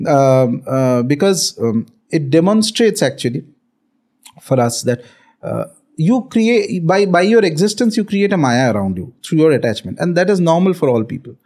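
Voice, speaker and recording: A man's voice: high-pitched, dark tone. A middle-aged man with an Indian accent explaining spiritual ideas through a story, dotted with fillers and Hindi words. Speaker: guest, spiritual author. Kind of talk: storytelling podcast conversation.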